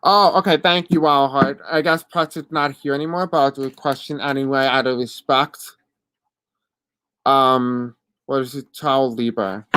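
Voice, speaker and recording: A host with a deaf accent gives live readings and answers chat questions in a halting, apologetic way with many fillers. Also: medium pitch, fairly even intonation, pushed and bright, clear, resonant tone.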